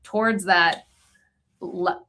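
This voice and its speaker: A woman's voice: fairly low pitch, steady tone, very slow, bright, forceful tone, slight background noise. A woman hosting a podcast interview, enthusiastic and affirming, sharing her own experiences. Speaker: podcast host. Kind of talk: casual interview chat.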